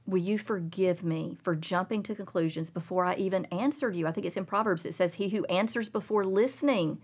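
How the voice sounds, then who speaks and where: A middle-aged woman telling a personal parenting story as a guest, earnest and confessional, growing animated when she retells scenes. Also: on the low side, a little fast, breathy edge. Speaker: guest speaker on Christian parenting.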